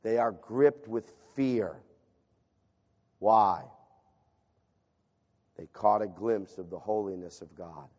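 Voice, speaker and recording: A man's voice: fairly low pitch, takes it slowly, long pauses. Male preacher in an echoing hall. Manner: animated, sweeping from loud emphasis to hushed reading. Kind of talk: sermon with scripture reading. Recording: long reverb of a large hall.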